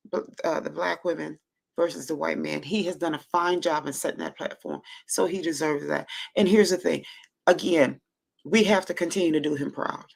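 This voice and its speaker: A woman's voice: on the low side, vocal fry. A woman hosting a casual livestream, gushing and emotional, close to tears, who stammers and repeats herself. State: moved to near tears. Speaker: livestream host.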